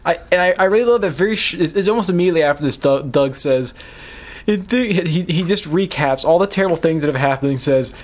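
A man's voice: fairly high pitch, fairly quick. A man co-hosting a casual podcast, making wry points and laughing at his own jokes. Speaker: podcast co-host.

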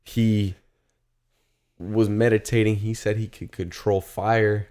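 A man's voice: on the low side, flat delivery, takes it slowly, mellow. A young man co-hosting a podcast, telling crude jokes and stories in casual chat with a Canadian accent. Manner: joking, crude, storytelling. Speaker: podcast co-host.

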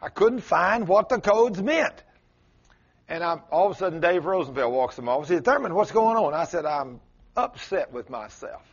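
A man's voice: animated, moderate pace, husky. A male pastor preaching a sermon, telling a story with sudden rises and drops in his voice. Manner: storytelling with dramatic swings in pitch and loudness. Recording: muffled lo-fi sermon recording.

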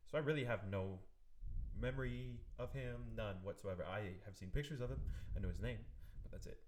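A man's voice: mid-range voice, fairly quick, a little mellow, slight background noise. A man in his twenties, a podcast co-host, telling stories in a chatty, campy way and laughing often while hungover. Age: 20s. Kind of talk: casual chat.

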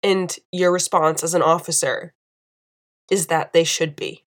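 A young woman speaks to camera in an indignant, emphatic way, hammering her points home by repeating them. Her voice sits on the low side for a woman. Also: steady tone, unhurried. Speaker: video commentator. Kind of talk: impassioned commentary.

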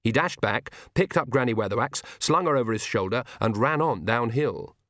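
A man narrating a comic fantasy audiobook in a measured storytelling manner. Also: medium pitch, lively intonation, fairly bright tone, dry recording, studio quality. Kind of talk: scripted narration.

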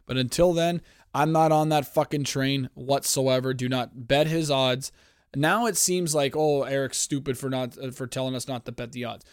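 A man's voice: medium pitch, fairly even intonation, moderate pace, clean tone, no room sound, studio quality. A man from Canada hosting a casual sports podcast, ranting in a profane, heated, rambling way. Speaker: podcast host.

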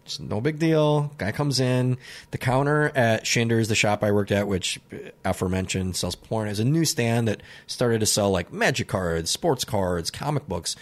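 A man's voice: lowish voice, moderate pace. Young man telling a rowdy anecdote. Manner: swearing, laughing storyteller who shouts quoted lines. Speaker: podcast co-host. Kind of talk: casual storytelling chat.

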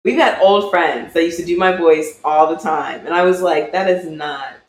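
A podcast co-host telling a story in a casual live-stream chat, animated and laughing often. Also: medium pitch, moderate pace. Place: indoor room, streaming live. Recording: roomy echo, faint background hum.

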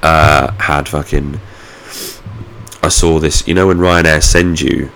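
A man's voice: a bass voice, steady tone, takes it slowly, gravelly, a bit bright, slight background noise. A man vlogging from home, telling a rambling anecdote in casual, sweary, self-mocking talk. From United Kingdom. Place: at home, indoors.

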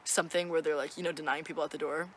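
A woman's voice: deep voice, steady tone, very fast, slight background noise. A young woman co-hosting a podcast, chatting casually in a rambling, profane way and giggling often. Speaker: podcast co-host. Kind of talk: casual chat.

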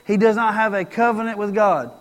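A man's voice: sits high, fairly even intonation, a little fast, in a large hall. A man preaching a sermon, telling a story and acting out its lines, repeating phrases for emphasis.

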